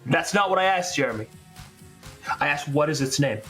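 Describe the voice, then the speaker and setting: Guy doing a low, slow deadpan dude adventurer, super chill, sharp tone. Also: soft background music. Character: laid-back deadpan male adventurer, bro-ish. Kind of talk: retelling a tabletop game.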